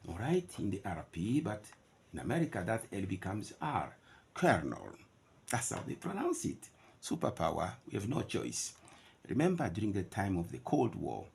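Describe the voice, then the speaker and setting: A man's voice: on the low side, vocal fry, a little mellow, slightly rough. A man teaching English pronunciation, emphatically contrasting right and wrong ways to say words. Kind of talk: pronunciation lesson.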